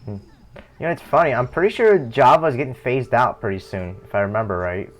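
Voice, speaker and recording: Playing a game live on stream, a young man keeps up casual, meandering chatter, often correcting himself and chuckling. His medium-pitched delivery is animated and a little fast.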